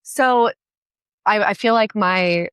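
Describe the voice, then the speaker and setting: A woman chatting as a podcast guest, enthusiastic and quick, with many restarts. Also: mid-range voice, fairly bright tone, clear, resonant tone, dry recording. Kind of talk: casual podcast chat.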